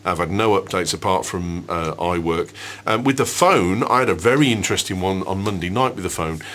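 A man's voice: low voice, animated, brisk, a bit bright, slight background noise. A man hosting a casual tech podcast, bantering cheekily and laughing often. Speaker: podcast host.

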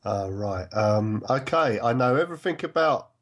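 A man joins a casual panel discussion with a husky, breathy voice. He makes his points with wry, dry humour and firm opinions, at a middle pitch. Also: lively intonation, moderate pace. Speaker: panel guest.

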